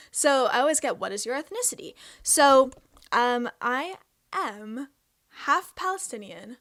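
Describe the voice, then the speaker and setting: A woman's voice: high-pitched, expressive, measured pace, fairly bright tone, no echo, clean studio sound. A Canadian woman in her twenties hosting a casual question-and-answer vlog, chatty and self-amused. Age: 20s. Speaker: host.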